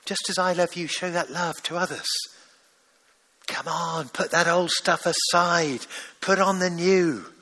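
A man voicing a loving heavenly father who gently coaxes and pleads with his children. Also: a little high, measured pace, big-room sound. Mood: tender, pleading. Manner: gentle and coaxing, repeats "come on".

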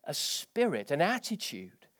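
A man delivering a lively church sermon, his voice pitched high for a man. He preaches with energy, pushing his delivery upward into eager exclamations as he drives each point home. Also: measured pace. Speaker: pastor.

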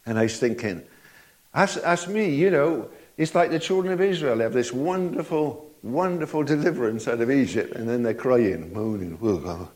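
A man's voice: on the high side, expressive, moderate pace. An older man preaching a sermon in a folksy way, chuckling often and asking his listeners rhetorical tag questions.

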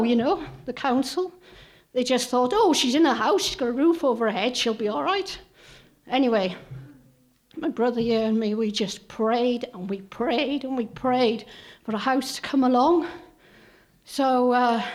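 A Welsh woman giving an unscripted testimony at a church service, hesitant, with many fillers and restarts. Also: on the high side. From Wales.

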